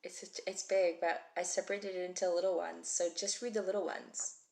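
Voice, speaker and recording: A woman's voice: lowish voice, flat delivery, moderate pace, vocal fry, a little mellow. A woman teaching a live-streamed Hebrew reading class, chatty and encouraging as she calls out viewers by name. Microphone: phone mic.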